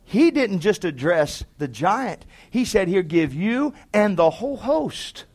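Male preacher with a raised voice, shouts the big lines, then drops low to tell a story. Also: sing-song, slow. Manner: swings from shouted fervor to quiet storytelling; calls to the congregation for amens. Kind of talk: sermon.

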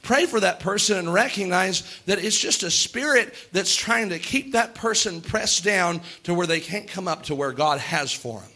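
A man's voice: high-pitched, expressive, moderate pace, hardly any pauses, bright, forceful tone. A man preaching a sermon with impassioned delivery, acting out the lines of Bible characters.

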